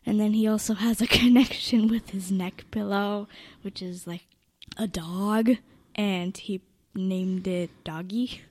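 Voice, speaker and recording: A teenage girl talking casually about her younger siblings, giggling and often dropping into a soft near-whisper. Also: mid-range voice, steady tone, a little slow, dry recording. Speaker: interviewee, older sibling. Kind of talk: casual family interview.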